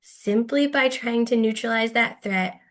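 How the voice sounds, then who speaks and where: A woman teaches a virtual clinical workshop over a video call, her voice sitting a little high. She talks in a chatty, playful way and leans hard on key words for emphasis. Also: measured pace. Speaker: clinical trainer.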